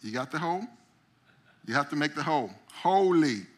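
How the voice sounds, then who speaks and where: Here the same kind of middle-aged teacher speaks at a moderate pace with a fairly high pitch. Leading a group through a memory drawing lesson, he animatedly acts out small stories, voicing each character.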